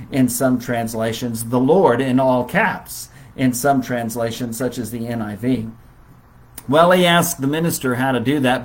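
A man preaching in a relaxed, conversational Bible study style, with many fillers. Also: medium pitch, low-quality recording. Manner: conversational, warm storytelling with fillers.

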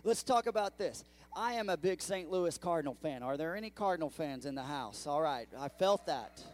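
A man pastor preaching a sermon to his congregation, calling out to the room and swinging between hushed and loud delivery. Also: on the high side, moderate pace. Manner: animated preaching with audience call-outs. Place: church sanctuary.

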